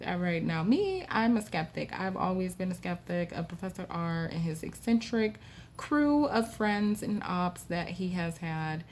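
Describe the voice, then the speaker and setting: A woman host telling a spooky personal story in a chatty, animated way with frequent asides to the listener. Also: on the low side, a little slow, a little hiss or hum. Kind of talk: casual storytime.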